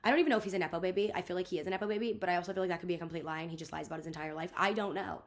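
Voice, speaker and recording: A woman's voice: on the low side, fairly even intonation, very fast. A young woman in her twenties telling a rambling storytime vlog, venting and exasperated, full of "like" and acted-out quotes. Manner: rambling, heavy use of "like", quoting others. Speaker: vlogger.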